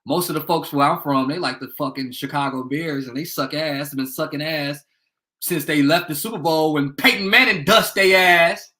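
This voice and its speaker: A man's voice: fairly high pitch, moderate pace, bright, forceful tone, low-quality recording. A young man from Indiana hosting a casual livestream from a bedroom at home, rambling, swearing freely and calling out viewers by name. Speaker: livestream host. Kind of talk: casual live-stream chat.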